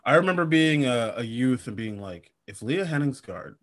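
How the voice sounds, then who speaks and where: A man's voice: medium pitch, lively intonation, moderate pace, no room sound. A young man co-hosting a comedy podcast, joking and rambling with lots of fillers. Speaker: podcast co-host. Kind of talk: casual comedic chat.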